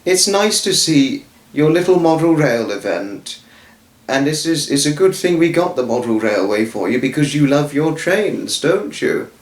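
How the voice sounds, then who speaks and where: A man's voice: on the high side, big pitch swings, a little slow. A man voicing a kindly wife who owns the cat, speaking fondly and cheerfully, in a roomy recording. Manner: fond and cheerful. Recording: roomy echo.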